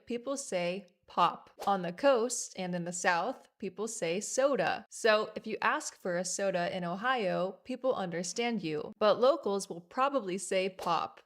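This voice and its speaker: Clear woman teacher explaining slang. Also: medium pitch. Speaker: English teacher. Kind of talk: scripted explanatory narration.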